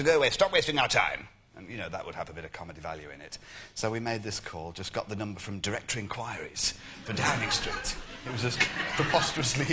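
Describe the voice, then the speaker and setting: Man telling an animated anecdote. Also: lowish voice, a little hiss or hum. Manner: animated storytelling, slipping into impressions. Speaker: guest impressionist. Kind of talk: talk show anecdote.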